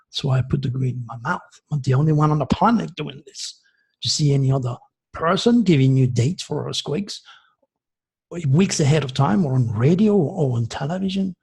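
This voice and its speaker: A man in his sixties from France, giving an agitated, preachy monologue that swings from loud outbursts to hushed asides. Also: fairly high pitch, gravelly, husky. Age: 60s. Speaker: astrologer host. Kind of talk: impassioned monologue.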